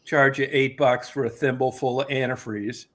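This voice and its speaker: A man's voice: mid-range voice, little pitch movement, moderate pace, fairly bright tone. A man telling a heated, profane story in casual chat as the host.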